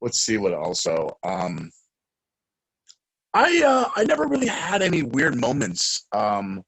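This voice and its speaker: A young man, a guest in a casual interview, telling stories excitedly and acting out quotes loudly. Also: mid-range voice, a little slow, gravelly, breathy edge, dry recording, rough recording.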